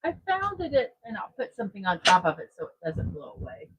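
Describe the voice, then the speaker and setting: A woman's voice: fairly low pitch, quick pace, slightly rough, low-quality recording. A woman hosting a casual daily morning livestream from home, chatty and easily distracted, greeting chatters one by one. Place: room at home with a fan running.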